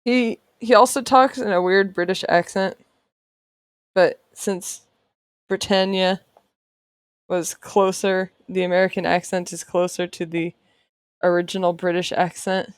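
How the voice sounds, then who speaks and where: A woman's voice: lowish voice, fairly even intonation, measured pace, long pauses, clear, resonant tone, no room sound, clean studio sound. A woman artist chatting casually while she draws on a livestream, playful and sarcastic, often laughing. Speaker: artist streamer. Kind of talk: casual chat while drawing on stream.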